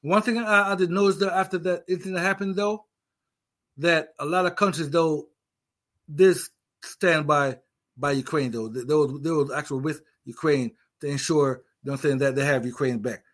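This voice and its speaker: A man's voice: on the high side, moderate pace, a bit bright. A middle-aged man with an accent, a veteran, giving a casual, emphatic opinion monologue with many restarts. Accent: non-native English. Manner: emphatic, repetitive, restarts often. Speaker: veteran commentator.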